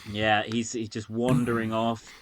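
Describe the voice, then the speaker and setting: A man hosting a podcast, chatting in a sardonic, sweary way, full of halting fillers. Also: on the low side, monotone. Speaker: podcast host. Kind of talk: casual political chat.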